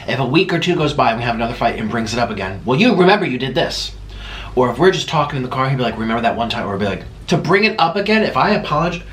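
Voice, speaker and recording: Male mukbang host, chatty and rambling, lively pitch, echoey room tone. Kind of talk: casual chat while eating. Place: room at home. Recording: echoey room with faint background noise.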